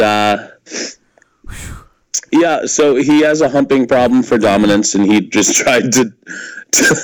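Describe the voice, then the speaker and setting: A man's voice: fairly low pitch, no room sound, low-quality recording. A man co-hosting a podcast, rambling and laughing a lot as he swears his way through casual wrestling chat. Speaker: podcast co-host.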